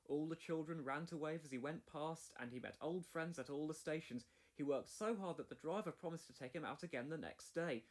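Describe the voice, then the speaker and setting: A man narrating a children's railway story as a read-along, in a clear, measured way. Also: on the high side. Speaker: storybook reader.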